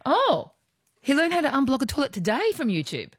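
A woman's voice: high-pitched, wildly swooping pitch, brisk, dry recording. A woman with an Australian accent hosting a radio phone-in quiz, chatty and teasing, laughing often.

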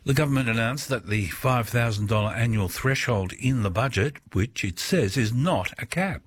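Husky-voiced male newsreader. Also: mid-range voice, lively intonation, moderate pace, no room sound. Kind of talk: news bulletin reading.

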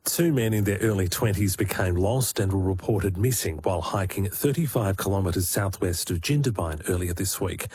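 A man's voice: low-pitched, normal speed, hardly any pauses, a little mellow, a little hiss or hum. A man delivering a scripted news report.

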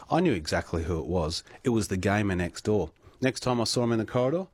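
A man's voice: lowish voice, animated, fast, breathy edge. A man hosting a radio show, chatting and telling stories with easy laughs. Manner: chatty storyteller, laughs easily. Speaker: radio host. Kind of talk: casual radio chat.

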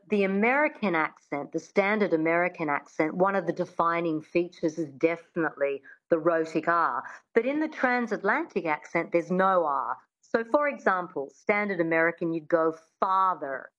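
A woman who grew up in Australia works as a dialect coach, breaking sounds down and saying them slowly for her student. The recording is a little dull and muffled. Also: fairly low pitch, expressive, fairly bright tone. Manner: demonstrative, slows down to model sounds. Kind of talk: teaching an accent in an interview.

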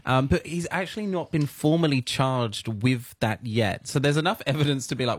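A man's voice: medium pitch, normal speed, no echo, studio quality. Chatty Australian man co-host. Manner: chatty, laughing, puts on voices for quotes. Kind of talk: casual chat show banter.

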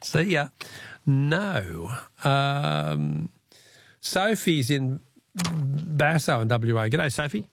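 A man with an Australian accent hosting a live talkback radio quiz, chatty and quick to laugh. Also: fairly high pitch, very animated, creaky, a little hiss or hum. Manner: chatty, laughs often, repeats the question.

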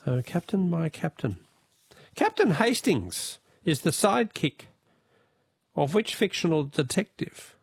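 A man running a radio quiz and reading out messages, jokey and upbeat. His voice is fairly high and swoops a lot, with a husky grain to it. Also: very animated, a little slow, no room sound. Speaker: radio host.

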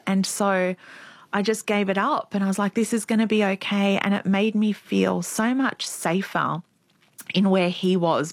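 A woman in her forties, telling a personal story as an interview guest in an earnest, reflective, quietly emotional way. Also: lowish voice, dry recording.

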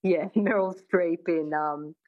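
Chatty Australian accent coach, dull line. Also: female voice, on the low side, fairly even intonation, slow. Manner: chatty, many restarts and "I mean". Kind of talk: interview guest.

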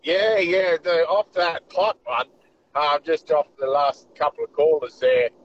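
A man's voice: a little high, animated, unhurried. A younger man with an Australian accent calling a radio show, casual and unsure, over a muffled line. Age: young adult. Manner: casual, unsure, laid-back. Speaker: caller. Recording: muffled call with faint vehicle noise.

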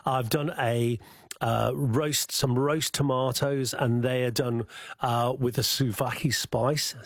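A man's voice: mid-range voice, fairly even intonation, takes it slowly, dry recording, clean studio sound. A man with a Scouse accent, a guest chef on a radio show, chatting casually and giving practical cooking tips with many restarts.

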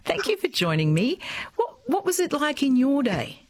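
A woman's voice: high-pitched, wildly swooping pitch, normal speed, a little hiss or hum. A woman with an Australian accent hosting a live radio talk show, interviewing guests conversationally with brief affirmations. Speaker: radio host.

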